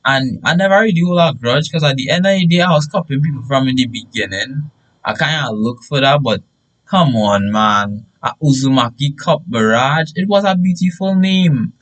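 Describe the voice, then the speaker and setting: A young man telling a story in a casual, animated way with bursts of shouting. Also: medium pitch, normal speed, poor audio.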